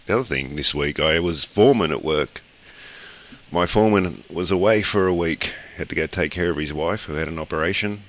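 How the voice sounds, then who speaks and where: An Australian man with a remarkably deep voice co-hosts a podcast. He talks in a rambling, matter-of-fact way, telling stories from his week. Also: a bit bright. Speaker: podcast co-host. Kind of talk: casual chat.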